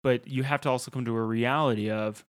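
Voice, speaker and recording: A man's voice: mid-range voice, steady tone, fast. A man in his twenties, a guest on a podcast, talking casually and tentatively with lots of hedges. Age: 20s. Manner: tentative, hedging, chuckles.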